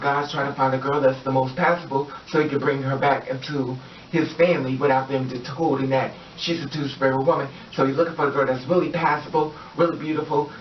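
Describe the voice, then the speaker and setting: A man's voice: mid-range voice, a little hiss or hum. A man telling a story in a casual vlog, rambling with many fillers and acting out what the people in it say. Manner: rambling, repetitive, with many fillers and acted-out quotes. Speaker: vlogger. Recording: distant, roomy, dull lo-fi sound.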